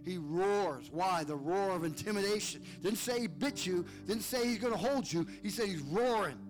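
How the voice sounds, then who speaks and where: A man's voice: high-pitched, expressive, normal speed, music in the background. A male pastor preaching a fired-up sermon, calling on listeners by name.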